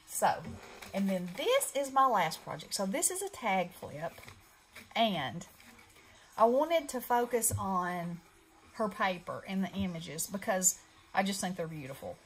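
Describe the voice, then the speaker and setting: A middle-aged woman who hosts a craft channel chats casually while showing off her handmade projects, rambling and using fillers. Her voice is mid-range, and the audio is poor, with a bit of hiss or hum.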